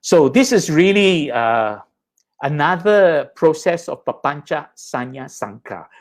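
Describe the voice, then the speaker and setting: A man giving a Buddhist Dharma lecture over slides, explaining patiently and often checking in with his listeners. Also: on the high side.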